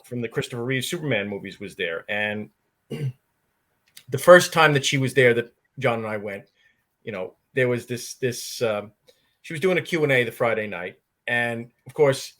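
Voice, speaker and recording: Bright-voiced podcast co-host man. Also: medium pitch. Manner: lively storyteller, acts out quotes. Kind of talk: casual podcast anecdote.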